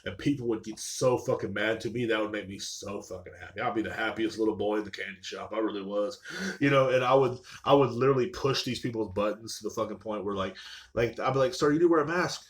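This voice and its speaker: A man's voice: on the low side, fast talker. Profane, rambling podcast man. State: short of breath. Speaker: podcast host. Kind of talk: casual rant. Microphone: live stream mic.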